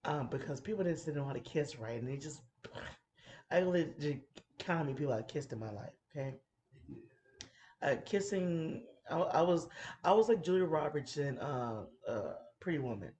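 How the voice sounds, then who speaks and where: A woman's voice: deep voice, lively intonation, normal speed, darkish tone. A woman in her thirties telling a frank, profane story on a casual chat show. She laughs often and talks in a playful way. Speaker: podcast host telling a story.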